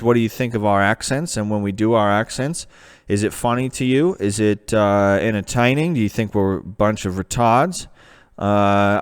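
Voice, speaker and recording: Smooth-voiced American man rambling. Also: lowish voice. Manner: mock serious, rambling with fillers. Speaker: vlogger. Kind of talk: casual comedic vlog.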